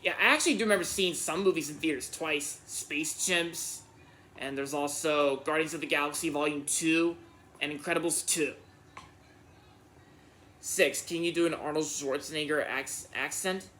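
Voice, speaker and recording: A man's voice: fairly high pitch, moderate pace, bright, forceful tone, slight background noise. A man hosting his own channel, reading out viewer questions and answering them casually, often restarting and repeating words. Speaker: Q&A channel host.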